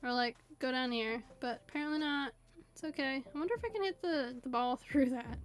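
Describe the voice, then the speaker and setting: A woman streamer giving casual, chatty gameplay commentary in a playful way that is quick to laugh, recorded on a desk mic at home. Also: sits high. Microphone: desk USB condenser mic. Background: faint game music.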